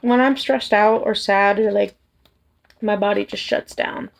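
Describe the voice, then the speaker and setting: A woman vlogger chatting casually to camera, soft and hesitant, tired after work. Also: mid-range voice, steady tone, a little slow, gravelly. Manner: soft, hesitant, with many restarts and fillers. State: tired, yawning. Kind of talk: casual personal chat to camera.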